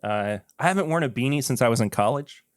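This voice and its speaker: A man's voice: medium pitch, fast, dry recording, clean studio sound. Laid-back man hosting a podcast. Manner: relaxed, joking, laughs often. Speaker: podcast host. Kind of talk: casual chat while tasting whiskey.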